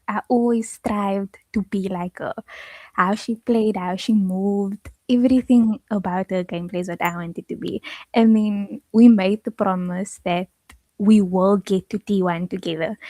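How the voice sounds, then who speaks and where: A woman's voice: medium pitch, dark tone, no echo. A young woman guest on a gaming podcast, a pro player chatting in a giggly, chatty way. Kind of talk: casual interview chat.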